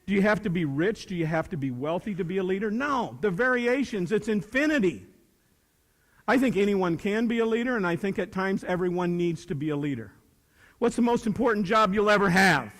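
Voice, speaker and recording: Folksy high-voiced man speaking in a hall. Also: animated, a little fast. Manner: folksy, joking, asks the crowd questions. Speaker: speaker at a student leadership academy. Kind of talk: motivational speech to students. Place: large hall with a student audience. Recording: long hall reverb.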